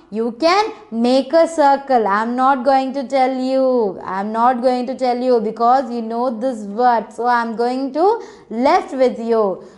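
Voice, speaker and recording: A woman leads a children's phonics class. Her voice sits high and her speech is unhurried, and she keeps coaxing the class to repeat each sound aloud. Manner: coaxing, repeats words and asks children to say them loudly. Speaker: phonics teacher.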